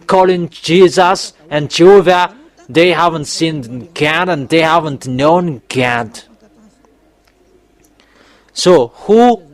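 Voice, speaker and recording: A male preacher giving a sermon in non-native English, emphatic and repetitive, with sudden raised bursts. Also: a little high. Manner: speaks English as a second language, with non-native grammar.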